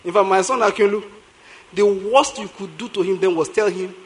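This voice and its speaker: A male pastor with a Nigerian accent delivers a lively sermon in a notably high voice. he tells stories with a lot of energy, hammers points home by repeating himself, and breaks into laughter often. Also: brisk. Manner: animated storytelling, repeating lines for emphasis, laughs often.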